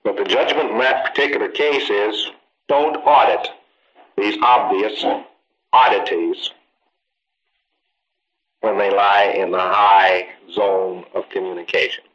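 Male lecturer, bright and pointed, emphatic, quips and rhetorical asides, dull old tape. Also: lowish voice, steady tone, takes it slowly, pauses often. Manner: emphatic, acts out exchanges, rhetorical questions. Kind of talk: informal training lecture.

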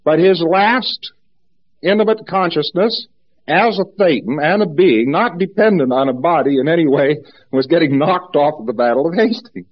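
A man giving an informal lecture, telling stories in a lively way and acting out what people said. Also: on the high side, moderate pace. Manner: lively storytelling, acts out quotes. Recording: dull lo-fi archive tape.

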